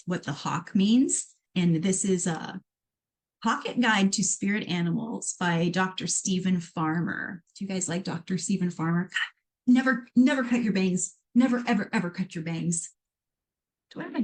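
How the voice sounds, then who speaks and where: A middle-aged Iowa woman with a fairly low voice hosts a live call-in show as a psychic medium. She reads listener questions aloud and answers them in a chatty, animated way, full of playful asides.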